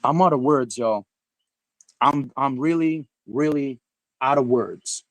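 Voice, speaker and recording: A man hosting a livestream, chatting casually in a rambling, halting way with lots of fillers and restarts, sometimes with his mouth full. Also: mid-range voice, dry recording. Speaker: livestream host. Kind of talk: rambling casual stream chat.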